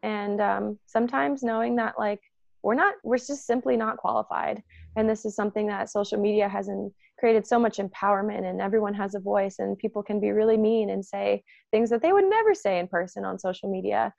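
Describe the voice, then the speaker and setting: A woman talking about energy and consent in a casual spiritual chat. She is animated and acts out the voices of the people she quotes, with a lot of "like" and "um". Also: mid-range voice, fairly quick, vocal fry, no room sound, dull audio.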